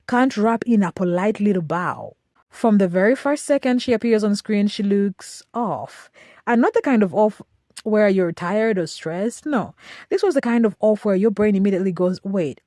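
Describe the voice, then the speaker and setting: A woman's voice: medium pitch, a little mellow, dry recording, clean studio sound. A woman narrating scripted commentary in a dramatic, emphatic way, with short punchy phrases.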